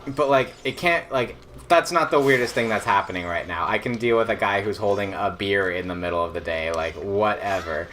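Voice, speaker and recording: Bright-voiced young man telling a story. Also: on the low side, brisk, a little hiss or hum. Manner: rambling, filler-heavy, laughs through the tale. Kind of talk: casual chat, telling a personal story.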